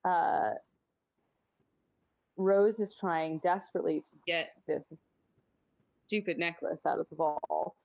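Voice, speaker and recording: A woman chatting casually as a podcast co-host, recapping a movie scene by scene in a lively, filler-filled way. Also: fairly low pitch, takes it slowly, creaky, pauses often, dry recording, low-quality recording. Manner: chatty, animated, lots of fillers.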